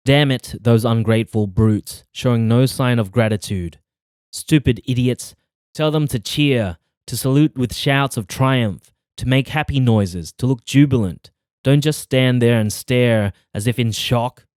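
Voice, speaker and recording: A man voicing an angry male army commander who yells through gritted teeth, in an audiobook reading. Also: medium pitch, measured pace, clear, resonant tone, no echo, clean studio sound, close to an everyday voice. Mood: furious.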